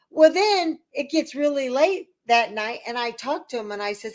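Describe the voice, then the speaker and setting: High-voiced woman telling a profane story. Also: normal speed, hardly any pauses. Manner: profane, animated, acts out voices in her stories. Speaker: host of a live talk stream. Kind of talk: casual storytelling chat.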